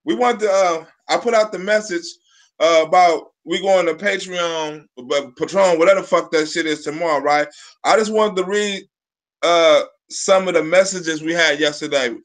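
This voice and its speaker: A man hosting a live stream, talking in a profane, rambling way with halting restarts. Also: a little high. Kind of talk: casual live stream chat.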